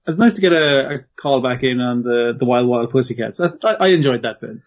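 A man's voice: medium pitch, lively intonation, brisk, muffled recording. A man co-hosting a casual podcast about a cartoon series, laughing often and swearing as he acts out quotes. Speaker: podcast co-host. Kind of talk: casual anime review chat.

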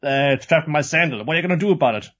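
A man's voice: fairly high pitch, expressive, very fast, a bit bright, muffled recording, pitched above the performer's own voice. A man voicing an arrogant young male samurai who sneers and bullies. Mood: sneering. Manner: sneering, bullying.

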